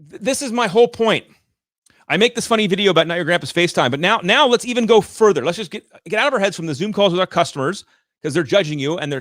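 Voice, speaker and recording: A man with a high, fairly bright voice hosts a live show, delivering direct, emphatic coaching talk and repeating points for effect. He's on a studio microphone in a room with large windows, and the recording is dry.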